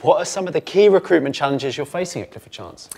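A woman's voice: low-pitched, lively intonation, quick pace, vocal fry, darkish tone, breathy edge. A woman interviewer asking casual questions in a breezy, playful way.

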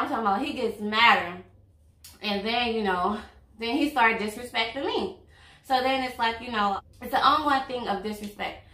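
A woman's voice: a little high, bright, forceful tone. A woman, talking bluntly and outspokenly in a casual couple chat over a meal. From Louisiana. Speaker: vlog host, girlfriend. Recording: echoey room, mic at a distance.

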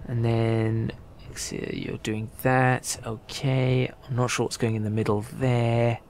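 A man's voice: mid-range voice, flat delivery, slow, a little mellow, a little hiss or hum. A man hosting a multiplayer game session, musing half to himself while he builds. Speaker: host. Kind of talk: casual gaming chat.

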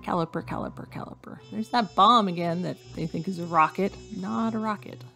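A woman talks her way through a hidden object game, reading out what she's hunting for and cracking little jokes to herself. Her voice has a gravelly, creaky edge, and faint music plays behind her. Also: on the low side, brisk, sharp tone. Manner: chatty, reads item lists aloud, jokes to herself. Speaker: game streamer. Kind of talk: casual gameplay commentary.

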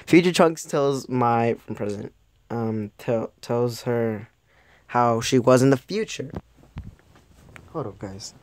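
A man's voice: medium pitch, a little slow, darkish tone, no echo, clean studio sound. A young man giving a casual, rambling episode review who often loses his train of thought and laughs at himself. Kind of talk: casual video commentary.

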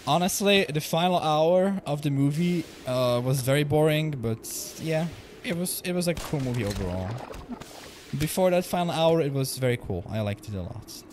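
Streaming a video game from home, this young man has a slightly high, darkish voice at normal speed, animated, with a bit of background noise. He rambles casually in his livestream chat, swearing and laughing often.

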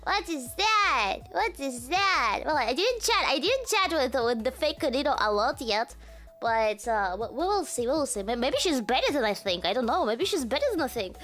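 Very high-pitched excitable woman streamer. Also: normal speed, soft background music. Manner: excitable, swearing, laughing, teasing. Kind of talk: casual livestream chat.

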